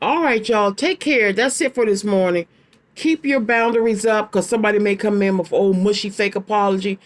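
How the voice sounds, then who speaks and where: A woman's voice: medium pitch, fairly quick. A woman in her late fifties giving a casual tarot reading to her viewers, blunt and emphatic, repeating her phrases and using slangy, folksy talk. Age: 50s. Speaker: tarot card reader.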